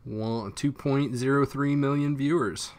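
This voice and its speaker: A man co-hosting a podcast in relaxed casual chat, speaking in quick bursts with fillers. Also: medium pitch. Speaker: podcast co-host. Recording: faint background noise.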